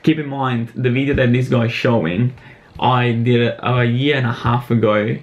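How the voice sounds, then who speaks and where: Chill young dude reacting to a vid, amused, slangy, mid voice. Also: male voice, medium pitch, fairly even intonation, moderate pace, highs cut off. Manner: laid-back, amused, chuckling, slangy. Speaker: vlogger reacting to a video. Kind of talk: casual reaction commentary.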